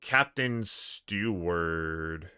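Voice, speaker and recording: A man's voice: low voice, animated, drawn-out words, sharp tone, clean tone, dry recording. A man streaming a game, thinking aloud in a hesitant, musing way. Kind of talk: casual gameplay commentary.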